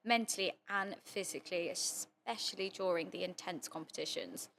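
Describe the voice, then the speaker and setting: A woman's voice: fairly low pitch, normal speed, fairly bright tone, slight background noise, poor audio. A woman hosting a casual podcast, reassuring and encouraging as she asks questions. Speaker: podcast host.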